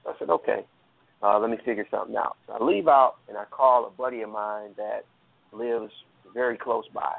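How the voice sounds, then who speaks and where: A man's voice: fairly low pitch, brisk, gravelly, no echo. A man earnestly telling a long personal story, rambling with fillers and restarts, over a phone line. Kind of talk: casual storytelling.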